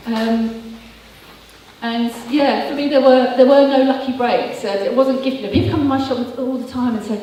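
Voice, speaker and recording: A woman's voice: on the high side, fairly even intonation, moderate pace, mellow, a little hiss or hum. A woman giving a chatty, earnest motivational talk with slides, full of fillers and restarts. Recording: echoey hall, voice heard from far off.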